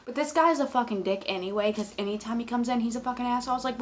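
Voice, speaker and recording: A woman's voice: fairly high pitch, very fast. A young woman who works as a cashier, ranting casually and profanely about customers with exasperated emphasis. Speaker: convenience store cashier.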